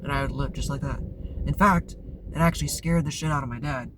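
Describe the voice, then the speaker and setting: A man speaks candidly in a casual, confessional way as host of a tarot channel. He rambles, often stopping to restart or correct himself. His voice sits at an ordinary middle pitch, with clear vehicle noise running under the recording. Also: fairly quick. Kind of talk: casual confessional talk to camera.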